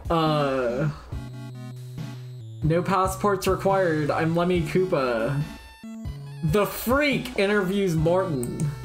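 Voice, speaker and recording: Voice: medium pitch, expressive, extremely slow, long pauses, music in the background. A livestreamer chatting casually while browsing the web, rambling and easily distracted, laughing often and swearing now and then.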